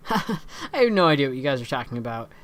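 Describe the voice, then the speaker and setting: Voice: medium pitch, very animated, normal speed, a bit bright. A let's play host reading a dating-sim game aloud, breaking off often for wry, self-mocking asides.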